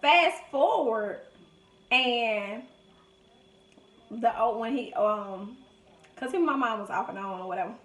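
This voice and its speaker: Woman in her 30s, casual vlog storyteller, slightly high voice, chatty, roomy echo. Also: slow pace, long pauses, distant mic. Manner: chatty, reminiscing, quotes people in lively voices. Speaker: vlogger. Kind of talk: casual storytelling during a food video. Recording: echoey room.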